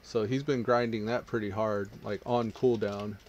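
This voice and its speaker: A man's voice: on the low side, normal speed, a little hiss or hum. Laid-back man narrating his gameplay. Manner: relaxed, chatty, thinking aloud. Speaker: gaming streamer. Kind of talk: casual gameplay commentary.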